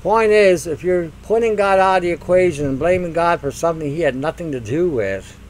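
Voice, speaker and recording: A man's voice: fairly high pitch, animated, brisk, a little hiss or hum, rough recording. An older man hosting a radio talk show, ranting in a mocking monologue and acting out silly voices. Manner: mocking, acts out silly voices, laughs at own jokes.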